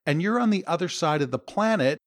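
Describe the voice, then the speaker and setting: A man's voice: on the high side, animated, brisk, dry recording, studio quality. A Canadian man hosting a podcast interview, telling a personal story and welcoming his guest. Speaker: podcast host.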